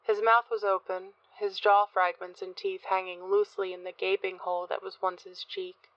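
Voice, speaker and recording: A woman reading a first-person horror story as narrator in a measured, dark manner. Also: medium pitch, flat delivery, dry recording, lo-fi sound. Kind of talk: scripted horror audiobook narration.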